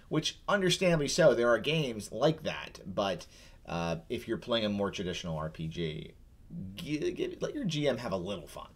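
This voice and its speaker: A man's voice: fairly low pitch, very animated, moderate pace. A man co-hosting a chat show about tabletop games, talking casually and teasing his co-host. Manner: rambling, teasing, many restarts. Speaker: podcast co-host.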